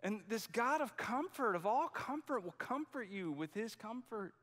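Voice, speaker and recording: A man delivers a sermon in an earnest, conversational way, leaning hard on key words and restarting sentences as he goes. His voice sits a little higher than most men's. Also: expressive, normal speed, a bit bright. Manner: conversational, emphatic preaching with frequent restarts. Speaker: pastor.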